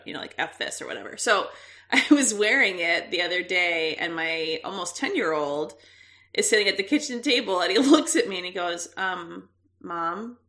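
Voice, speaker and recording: A woman in her thirties, a podcast co-host, telling a story in casual chat with frequent laughs. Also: lowish voice. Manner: animated storyteller, laughs often.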